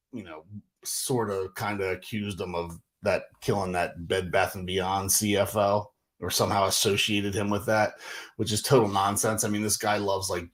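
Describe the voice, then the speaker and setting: A man, hosting a casual livestream with animated, exasperated talk full of fillers. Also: fairly low pitch. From Northeastern US. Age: 40s. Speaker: livestream host.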